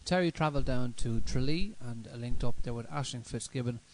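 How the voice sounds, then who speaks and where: A man hosting a radio show, talking in a relaxed, rambling way with many fillers. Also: medium pitch, fairly quick, rough recording. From Ireland. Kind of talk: casual chat.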